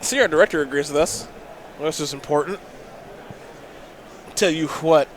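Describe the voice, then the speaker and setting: A man doing casual, chatty commentary banter at a live card game event, quick to laugh. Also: a little high, slight background noise.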